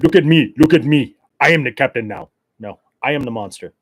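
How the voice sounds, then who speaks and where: A man impersonating a loud, commanding male hijacker who barks orders and claims the ship as his own. The voice rises into a mock-menacing shout. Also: mid-range voice, animated, a little fast, pitched above the performer's own voice, lightly acted, poor audio.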